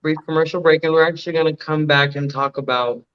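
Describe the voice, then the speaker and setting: Relaxed woman host, muffled line. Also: sits low, fast talker, clear, resonant tone. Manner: relaxed, colloquial. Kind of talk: casual chat.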